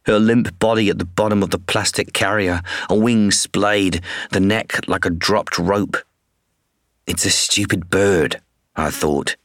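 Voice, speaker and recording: A man reading a first-person audiobook in a measured, somber way. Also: low-pitched, steady tone, a bit bright, no room sound, clean studio sound. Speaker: audiobook narrator. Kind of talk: first-person scripted narration.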